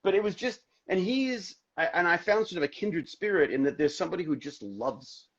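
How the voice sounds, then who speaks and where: Excitable man rambling on a muffled call. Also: high-pitched, brisk. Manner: excitable, rambling, many restarts. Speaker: actor, interview guest. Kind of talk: casual video-call interview.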